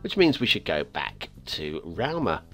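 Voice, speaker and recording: A man hosting a game map review show, talking in a casual, rambling way with many restarts, his voice getting a little hoarse. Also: unhurried. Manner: chatty and rambling, with frequent restarts and stammers; lively, swinging pitch. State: voice going hoarse. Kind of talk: casual video game commentary. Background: faint background music.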